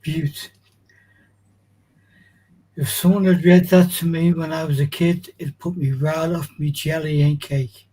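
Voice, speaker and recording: A man co-hosting a live stream, giving casual, warm, appreciative remarks. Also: on the high side, steady tone, unhurried, long pauses, husky. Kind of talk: casual chat.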